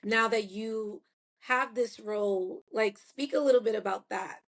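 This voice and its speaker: A woman's voice: mid-range voice, unhurried. A woman hosting a casual interview, asking questions hesitantly and rephrasing as she goes. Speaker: interview host.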